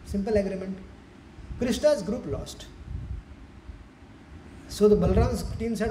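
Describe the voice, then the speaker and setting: A man's voice: high-pitched, unhurried, pauses often. A man giving a devotional lecture in a temple hall, telling stories animatedly with frequent restarts. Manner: animated storytelling, many restarts. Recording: echoey hall, faint noise.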